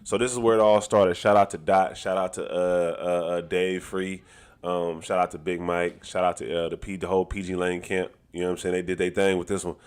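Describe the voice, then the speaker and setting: A man who talks loudly and laughs often, chatting casually to his live-stream audience as a dancer. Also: deep voice, a little fast, clean tone. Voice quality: talks loud. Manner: animated and laughing, slangy.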